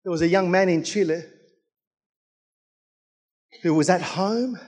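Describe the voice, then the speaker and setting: A man's voice: sits high, a little slow, a little mellow. A man preaching a fervent sermon as pastor, with rhythmic repetition and calls out to the congregation.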